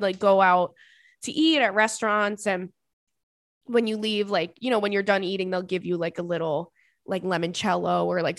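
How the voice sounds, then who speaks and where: A woman podcast host telling a story in a loose, chatty way, often breaking into laughter and swearing without a second thought. Her voice sits close to the mic in a dry room with no echo. She keeps talking straight to the listener like a friend. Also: mid-range voice. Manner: animated, laughs often, swears freely, calls listeners "girl". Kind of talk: casual storytelling chat.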